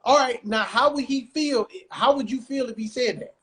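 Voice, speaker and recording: A man's voice: extremely high pitch, moderate pace, a bit bright. A man hosting a podcast, chatting casually and animatedly in laid-back slang. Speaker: podcast host.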